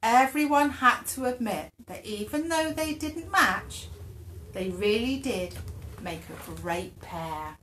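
A woman hosting a live-streamed bedtime story for small children, reading gently and with animation. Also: on the high side, expressive, slow pace, a little hiss or hum. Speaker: children's dance class host. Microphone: phone or webcam for a live stream.

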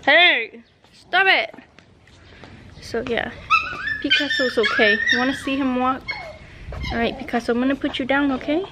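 A woman's voice: fairly even intonation, fairly quick. A young woman vlogging at home, chatting casually and scolding her dogs. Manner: scolding dogs, rising to high exasperated calls. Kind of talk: casual vlog chat. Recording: noisy home recording.

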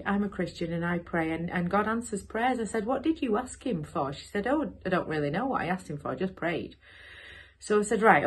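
A woman sharing a personal testimony in church, telling the story in a lively way. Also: fairly low pitch, husky. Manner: animated storyteller with lively quoted voices.

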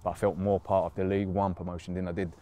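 Deep-voiced footballer reminiscing casually. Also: male voice, very fast. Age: 30s. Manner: relaxed, rambling, with frequent fillers and laughs. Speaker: footballer being interviewed. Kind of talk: casual interview recollection.

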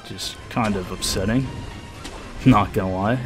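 A man's voice: on the low side, measured pace. A man giving gameplay commentary, swearing often and muttering in exasperation. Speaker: gamer. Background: game music.

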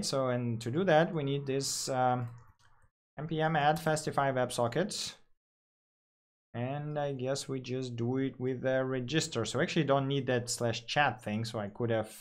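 A man talking through live coding on screen, thinking aloud with fillers and self-corrections. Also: mid-range voice.

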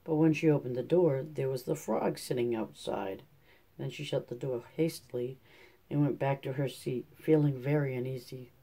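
A man reads a fairy tale aloud in a very dark, mellow voice. His pitch sits in the middle range, and the reading stays steady and measured. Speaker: storyteller.

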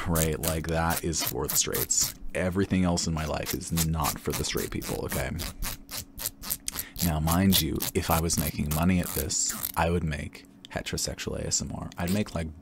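In a relaxed ASMR chat, a male creator rambles candidly and campily, drifting into soft whispers while tired and a little tipsy. His voice is deep, with a noisy background.

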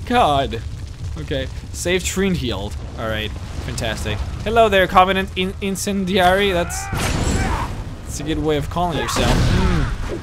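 A man commenting on a video game as he plays, excitable and swearing freely. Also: a little high, unhurried, music in the background. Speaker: let's play host. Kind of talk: gameplay commentary.

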